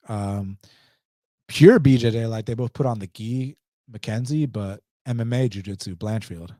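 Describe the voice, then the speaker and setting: A man's voice: fairly low pitch, mellow, no room sound, studio quality. A man with an Atlanta accent hosting a live stream, reading chat questions and answering them in a blunt, casual, slangy way. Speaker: host.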